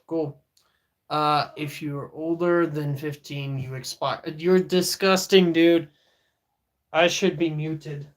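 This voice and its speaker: This is a man chatting on his live stream, talking at a slow, easy pace. He teases and roasts his viewers as he reads their messages, often stalling on fillers and starting over mid-sentence. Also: on the high side, fairly even intonation. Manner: joking, teasing, reads chat aloud; many fillers and restarts. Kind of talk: casual live-stream chat.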